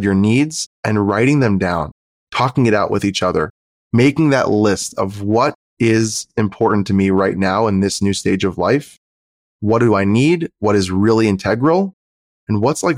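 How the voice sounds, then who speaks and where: A man's voice: lowish voice, dry recording, clean studio sound. A man on a podcast giving earnest, practical relationship advice as a therapist guest.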